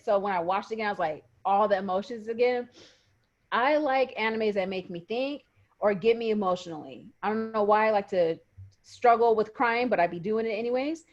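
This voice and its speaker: Animated woman on a lo-fi call. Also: medium pitch. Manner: animated, emotional storyteller. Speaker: podcast co-host. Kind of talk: casual chat.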